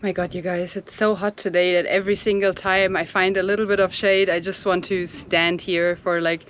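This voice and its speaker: A woman chats through a travel vlog while out of breath, in a mid-pitched voice. She rambles with many fillers as she walks outdoors. Faint outdoor noise sits behind her voice. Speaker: travel vlogger. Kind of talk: casual walking vlog chat. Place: outdoors at hillside ruins in hot sun.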